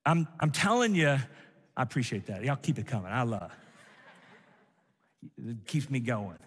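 A man's voice: medium pitch, big pitch swings, normal speed, breathy edge, long reverb tail. A male pastor preaching an emphatic sermon to a congregation, with asides to the listeners.

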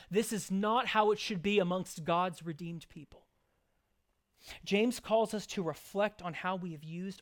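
Earnest preaching man. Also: high voice. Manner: earnest preaching with conversational asides and acted examples. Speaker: pastor. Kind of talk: sermon.

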